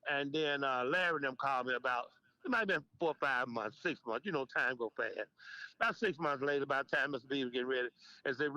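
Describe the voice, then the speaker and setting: Older man, lively storyteller voicing the people in his tales; bright tone, dry close sound. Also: medium pitch, quick pace, dry recording, low-quality recording. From Memphis, United States. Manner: animated storyteller, acts out quoted dialogue, laughs often. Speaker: interview guest, veteran club DJ. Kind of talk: storytelling in casual interview.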